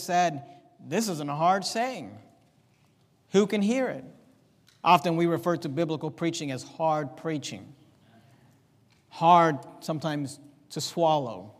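High-voiced preacher man in a reverberant hall. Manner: impassioned preaching, swinging between loud emphasis and low asides; repeats words when pressing a point. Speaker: pastor. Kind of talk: sermon.

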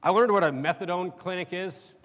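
A middle-aged man preaches in a fairly high voice, speaking casually and stumbling through fillers as he shares personal memories. His words ring out with the long reverb of a large church hall. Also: fairly bright tone. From North Dakota. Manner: conversational, halting with fillers and restarts. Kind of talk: sermon.

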